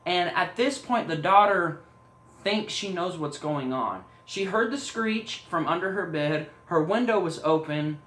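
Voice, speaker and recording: A man's voice: sits high, lively intonation, measured pace, a bit bright. Rambling storyteller man, echoey room. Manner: rambling, with fillers and asides. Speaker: storyteller pitching a horror film idea. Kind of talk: casual spoken story retelling.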